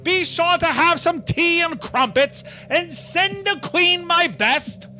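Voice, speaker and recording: A man doing an exaggerated English accent as a prim, overly polite English gentleman. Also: very high voice, takes it slowly, soft background music, pitched above the performer's own voice, heavily acted. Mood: genteel farewell.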